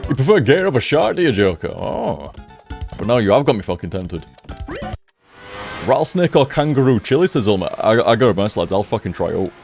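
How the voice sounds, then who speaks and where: A man's voice: lowish voice, sing-song, a little fast, vocal fry, a little mellow, soft background music. A man casually chatting while he plays a game, chatty and sweary, often laughing at his own jokes. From United Kingdom. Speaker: gaming streamer. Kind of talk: casual chat while playing.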